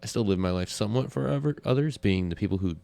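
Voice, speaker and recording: A man with a very low voice that has a gravelly edge. He talks bluntly and openly in a casual podcast chat. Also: quick pace, warm tone. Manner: blunt, open about personal loss. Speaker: podcast co-host.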